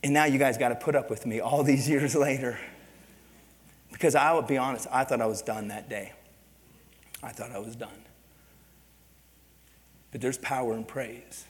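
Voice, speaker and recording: Middle-aged guy pastor preaching, storytelling, gets loud and shouty, long church reverb. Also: medium pitch, normal speed, pauses often. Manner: animated storytelling, bursts into shouting. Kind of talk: sermon. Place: church sanctuary.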